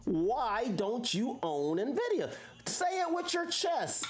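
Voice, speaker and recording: A woman's voice: fairly high pitch, very animated, slow. A woman hosting a casual livestream, talking to viewers in a preachy way full of rhetorical questions. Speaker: livestream host.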